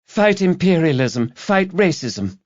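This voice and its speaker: A prickly teenage student activist with a high, shrill, preachy voice, as a male narrator puts her on. She chants slogans and argues hard. The recording sounds dull and dry, with no room around it. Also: big pitch swings, takes it slowly, no echo. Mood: preachy, strident. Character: strident young female student activist, 18 or 19, militant and prickly.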